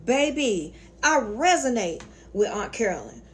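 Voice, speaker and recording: A woman's voice: on the high side, sing-song, unhurried, slight background noise. A woman with a Southern accent hosting her own spiritual channel, telling a story in a sassy, colloquial way and calling her viewers honey and y'all. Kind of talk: casual storytelling lecture.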